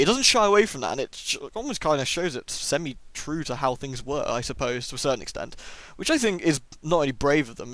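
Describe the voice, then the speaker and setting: A man's voice: mid-range voice, a bit bright, dry recording. A man who has a cold, chatting enthusiastically through a casual first-impressions game review with plenty of ums. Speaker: gaming YouTuber.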